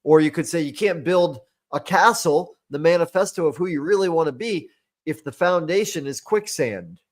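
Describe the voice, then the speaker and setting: A man's voice: fairly high pitch, expressive, normal speed. A man, a personal growth coach, explaining his method step by step in a podcast conversation, using homely metaphors.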